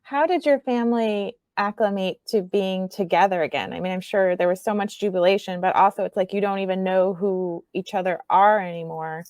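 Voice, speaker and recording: A woman interviewing for an oral history project, asking questions in a conversational, gently probing way. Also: mid-range voice, a little fast, few pauses, clear, resonant tone, dry recording, clean studio sound.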